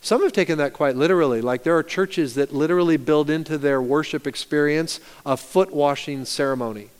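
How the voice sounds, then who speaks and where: A man's voice: a little high, fairly quick, clean tone. Man preaching a sermon in a reverberant hall. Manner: animated storytelling, rising loud and dropping soft. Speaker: pastor. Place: church sanctuary. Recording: long reverb of a church hall.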